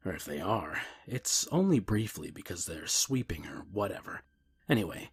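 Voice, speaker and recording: A man reads a scary story aloud in a calm, measured way. His voice sits low and has a husky edge. At times he drops into a hushed whisper. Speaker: narrator. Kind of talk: scripted horror story narration.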